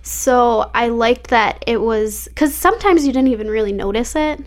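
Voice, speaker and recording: Chatty woman with a slightly high voice. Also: normal speed. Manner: chatty, many fillers and likes, laughs easily. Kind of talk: casual chat about a movie.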